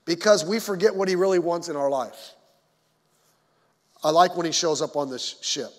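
A man's voice: a little high, normal speed. A man preaching a conversational sermon as pastor, folksy, with joking asides to the congregation. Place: church sanctuary. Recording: long hall reverb.

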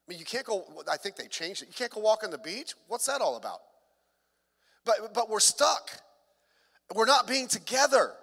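A man's voice: sits high, big pitch swings, normal speed, bright, forceful tone, long reverb tail. A middle-aged man, a pastor, preaching a sermon in a conversational way with joking asides.

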